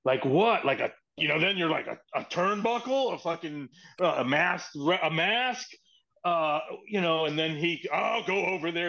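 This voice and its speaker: Profane, animated male storyteller, muffled audio. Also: fairly high pitch. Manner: animated, profane, acts out quoted dialogue. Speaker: podcast guest, former wrestling writer. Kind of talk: casual storytelling chat. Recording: muffled lo-fi sound.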